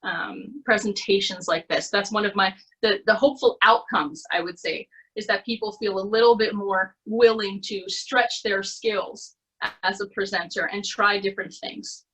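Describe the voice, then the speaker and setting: Canadian woman, coach on a video call, bright tone with some huskiness, friendly and conversational, keeps checking in. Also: medium pitch, normal speed, husky, poor audio. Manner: encouraging, conversational, with frequent "okay?" check-ins. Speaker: presentation skills coach. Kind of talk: online workshop talk. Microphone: computer mic on a video call.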